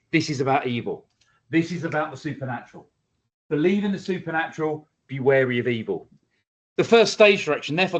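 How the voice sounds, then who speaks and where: Emphatic male teacher in an echoey hall. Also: on the high side. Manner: emphatic, varies loudness, many fillers. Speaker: English teacher. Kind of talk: lecture to students. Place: school hall. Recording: echoey hall, dull lo-fi sound.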